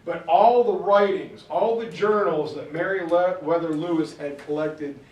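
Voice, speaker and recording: Animated man lecturing in a roomy hall. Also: fairly high pitch, recorded from a distance, lo-fi sound. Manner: acts out characters in quick voices, casual slang. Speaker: speaker giving a history talk.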